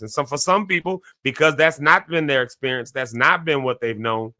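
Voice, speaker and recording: A man hosting a morning show, telling a story in a casual, animated way, restarting his sentences often. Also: moderate pace, few pauses, no echo, clean studio sound. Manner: animated storyteller, many restarts, sudden jumps in pitch. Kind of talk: casual spoken reflection.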